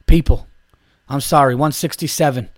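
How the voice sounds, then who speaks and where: A man's voice: mid-range voice, fairly even intonation, normal speed, no echo, clean studio sound. A man in his thirties hosting a solo podcast, ranting in a heated, profane, rambling way. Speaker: podcast host.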